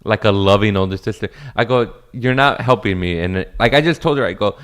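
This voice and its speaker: A man's voice: on the low side, brisk, few pauses, fairly bright tone. A man from Los Angeles, a comedian guest in a casual podcast chat, laid-back, cursing freely and laughing often.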